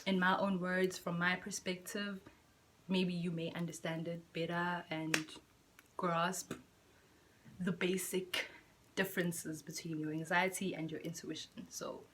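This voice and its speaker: A woman's voice: on the low side, flat delivery, slight background noise. Slangy young woman vlogging casually. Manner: candid, slangy and profane, with many asides; quick shifts between loud bursts and soft near-whispers. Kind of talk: casual chat to camera. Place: at home.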